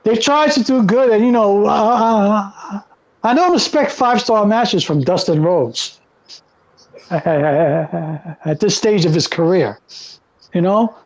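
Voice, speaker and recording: A man's voice: high voice, animated, slow pace. A man co-hosting a casual wrestling podcast, playful and teasing. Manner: playful, teasing, laughs often. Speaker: podcast co-host. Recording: dull lo-fi audio.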